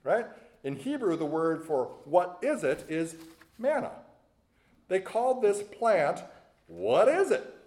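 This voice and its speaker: A male pastor delivering a sermon with a fairly high voice that swings widely up and down. He preaches conversationally and keeps tossing "right?" to the room. His delivery is lively and animated. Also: takes it slowly.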